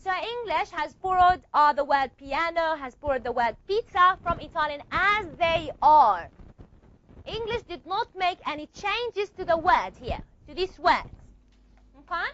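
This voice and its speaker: A woman teaching a class in a very high, lively voice that rises and falls a great deal. She explains patiently and step by step, checking in with short questions. The recording is dull and lo-fi. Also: unhurried. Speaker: language teacher. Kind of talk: classroom lecture.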